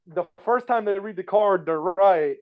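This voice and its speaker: A man's voice: high voice, a little slow, no echo, narrow, tinny audio. A man telling a personal story in casual chat, rambling and repeating himself with lots of fillers. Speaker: podcast guest telling a story.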